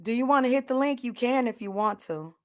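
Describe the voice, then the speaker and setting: An older woman hosting a livestream, talking in an emphatic casual rant that swings from loud to hushed, with sighs. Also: on the high side, animated, fairly quick. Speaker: livestream host.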